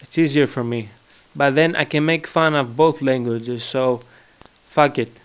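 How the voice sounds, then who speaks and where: Slow-talking young Greek-accented man. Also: medium pitch, fairly even intonation, clean tone. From Greece. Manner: rambling, joking, searches for words. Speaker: vlogger. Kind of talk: casual solo monologue. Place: his home.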